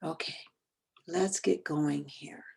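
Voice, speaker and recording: A woman leading a training session over a video call, talking conversationally and quizzing her group with quick questions. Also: low voice, fairly even intonation, creaky, darkish tone, slightly rough. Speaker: workshop trainer.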